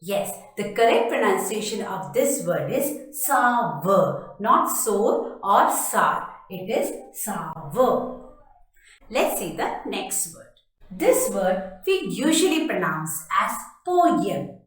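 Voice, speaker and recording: A woman gives a pronunciation lesson at an unhurried pace. She repeats each word with emphasis and spells it out letter by letter, her pitch rising and falling a lot. The recording is full of room echo. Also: sing-song. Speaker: English pronunciation teacher. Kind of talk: slow spoken pronunciation lesson. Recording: very echoey room.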